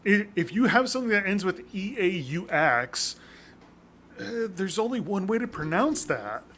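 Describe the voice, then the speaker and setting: A man's voice: sits high, animated, moderate pace, fairly bright tone, slight background noise. A man co-hosting a podcast, chatting casually and rambling, with some swearing. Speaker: podcast co-host. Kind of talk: casual chat.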